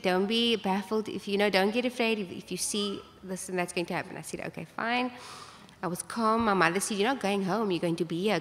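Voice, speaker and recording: Woman, thirties, conference talk, animated storytelling, long hall reverb. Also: mid-range voice. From South Africa. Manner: chatty, animated, laughs often, acts out quoted voices. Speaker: conference speaker. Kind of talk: personal birth story told to an audience.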